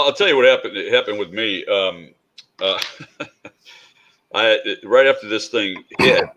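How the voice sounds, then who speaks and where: A middle-aged man with a somewhat low voice tells a personal story on a panel. He speaks as a police instructor and acts out the dialogue he quotes with some life. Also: a bit bright.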